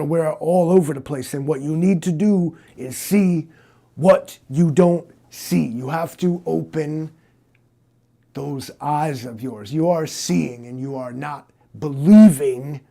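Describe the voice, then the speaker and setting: A man playing a gruff, cocky, paranoid cyborg detective in an improvised comedy interrogation, drawling and rambling. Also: on the high side, unhurried, dark tone. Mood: conspiratorial. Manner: repeats the listener's name, drawling and rambling.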